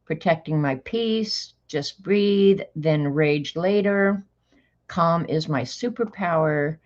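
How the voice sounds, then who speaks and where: Older woman livestream host, unhurried low voice, dry sarcastic chat, dull lo-fi audio. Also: darkish tone. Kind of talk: casual chat reading aloud to viewers.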